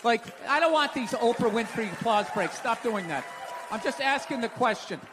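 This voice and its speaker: A middle-aged American man performing stand-up, his voice pitched very high for a man as he rants in exasperation. He swears freely and fires questions at the crowd. A faint hiss sits under the recording. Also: animated, moderate pace. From United States. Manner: exasperated, profane questioning rant. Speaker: stand-up comedian. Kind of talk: stand-up routine. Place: live comedy stage.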